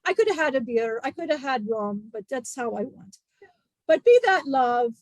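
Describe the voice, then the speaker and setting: A woman's voice: high voice, lively intonation, normal speed, a little mellow, no room sound, voice pushed down. A woman channeling a jovial ancient male spirit teacher, giving rambling, joking advice. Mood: warm jokey.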